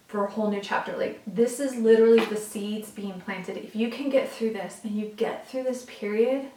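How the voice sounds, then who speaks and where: A woman's voice: medium pitch, far from the mic. A woman giving a casual, heartfelt tarot reading straight to her viewers, earnest and at times emotional, swearing now and then. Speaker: tarot reader. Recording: roomy and off-mic.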